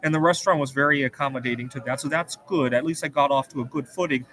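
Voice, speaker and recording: A man's voice: medium pitch, quick pace, fairly bright tone, rough recording. A man hosting his own show, telling a personal story in a rambling, earnest casual monologue. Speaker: show host.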